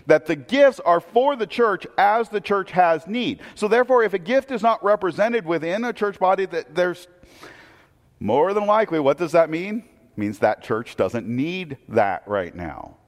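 Male pastor, fairly high voice, chatty sermon full of rhetorical questions, long hall reverb. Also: expressive, a little slow. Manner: conversational, asks the audience rhetorical questions, frequent restarts.

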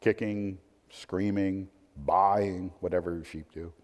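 A man preaching a sermon, swinging between emphatic points and hushed, conversational asides. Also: sits low, fairly even intonation, slow pace. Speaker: pastor. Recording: long hall reverb.

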